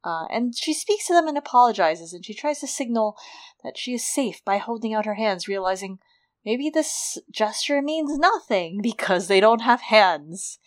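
A woman's voice: a little high, normal speed. A woman co-hosting a podcast, retelling a book chapter in casual, giggly chat. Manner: giggly, animated storyteller. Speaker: podcast co-host.

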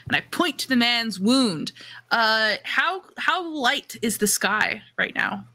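A woman's voice: mid-range voice, expressive, slow pace, bright, forceful tone. A woman player speaking in character, decisive and commanding as she plans with her group. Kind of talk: in-character tabletop play.

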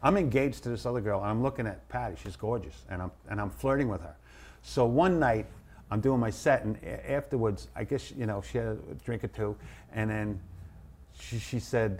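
A man in his sixties, a comedian guest telling stories in an animated way and acting out his bits. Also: lowish voice, brisk, slight background noise. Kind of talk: casual storytelling.

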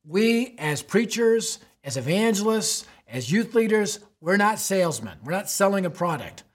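A man's voice: high-pitched, very animated, moderate pace. A man hosting a youth ministry podcast, teaching emphatically in a preaching style, with rhetorical questions and frequent "right?".

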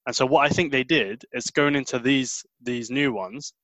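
A man's voice: medium pitch, moderate pace, fairly bright tone, dry recording, rough recording. A man chatting casually, mocking and incredulous, with slangy phrasing. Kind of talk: casual chat.

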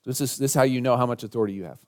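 A man preaching a sermon as pastor. He leads a prayer, then reads and retells scripture, rising to loud, emphatic lines when he quotes. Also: mid-range voice, racing.

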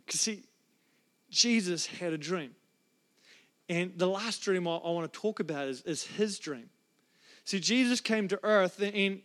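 A man's voice: high voice, fairly bright tone. A man preaching a sermon as a pastor, telling a personal story in an earnest, emotional way with frequent restarts. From New Zealand. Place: church.

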